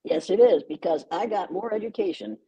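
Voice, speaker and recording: A woman's voice: medium pitch, fairly quick, dark tone, breathy edge, low-quality recording. An older American woman speaking as an interview guest, emphatic and repeating words for stress. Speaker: guest educator. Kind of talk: conversational interview.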